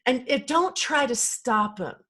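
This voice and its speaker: A woman's voice: high-pitched, expressive, a little slow, fairly bright tone, slightly rough. A woman guest on a podcast, a life coach talking casually and with animation, acting out quoted voices and laughing easily. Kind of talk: casual conversational interview.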